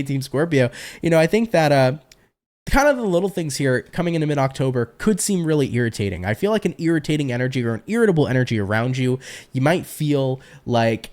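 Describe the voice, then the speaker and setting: A man giving a casual tarot reading to his viewers, chatty and talking to them directly. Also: a little high. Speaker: tarot reader.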